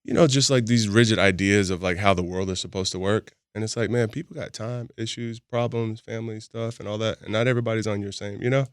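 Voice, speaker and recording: Male podcast guest, rapid and candid storyteller, deep voice with a dry studio sound. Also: steady tone, clean tone, no room sound. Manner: candid, laughs often while telling stories. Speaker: podcast guest, boxing gym founder. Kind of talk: casual storytelling chat.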